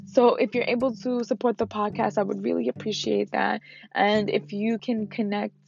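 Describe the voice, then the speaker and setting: A young woman hosting her own solo podcast, speaking earnestly and emotionally with pauses while she is fasting. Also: medium pitch, little pitch movement, creaky, a little mellow, lo-fi sound, soft background music. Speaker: podcast host. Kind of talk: reflective solo podcast talk.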